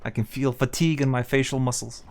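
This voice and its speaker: A male game streamer tossing dry, joking remarks to his chat while he plays. His voice sits at an everyday middle pitch for a man, and he speaks casually and offhandedly. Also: steady tone, fast talker, a little mellow, a little hiss or hum. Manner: wry, joking asides to chat. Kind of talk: casual gameplay commentary.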